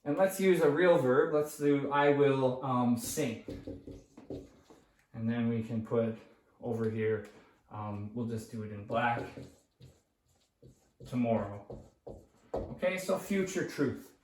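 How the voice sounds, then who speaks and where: A man's voice: mid-range voice, slow pace, pauses often, darkish tone. A man teaching English grammar at a whiteboard, patient and repetitive, often checking in with "okay?". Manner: patient, repeats key phrases, checks in with "okay?". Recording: echoey room, voice far from the mic.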